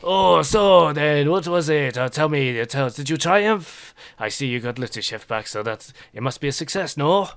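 A man's voice: a little high, animated, normal speed, creaky, hardly any pauses, fairly bright tone, clean tone, pitched above the performer's own voice. A man voicing a boisterous middle-aged male baker with a French accent, effusive and fatherly.

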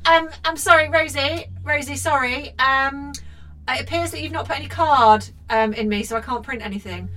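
A woman's voice: high voice, moderate pace, pushed and bright, pitched above the performer's own voice, poor audio. A woman voicing a fussy, apologetic printer that hesitates and says sorry a lot. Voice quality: overly polite, hesitant, full of ums. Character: fussy apologetic printer, female-voiced machine.

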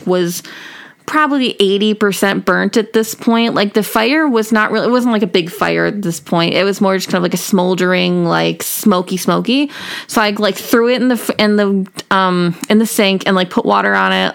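A woman's voice: mid-range voice, vocal fry, clear, resonant tone. A young woman hosting a solo podcast, talking casually and rambling with lots of fillers and little laughs. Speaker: podcast host.

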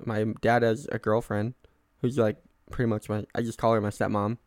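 A man's voice: on the low side, little pitch movement, normal speed, dry recording, studio quality. A young man chatting casually on a podcast, rambling and self-mocking, laughing often. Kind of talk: casual chat.

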